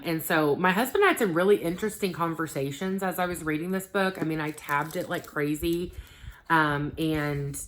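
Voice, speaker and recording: A woman in her thirties chatting casually about the books she read, full of ums and likes, getting animated when she quotes conversations. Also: sits low. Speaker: book vlogger. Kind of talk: casual book review chat.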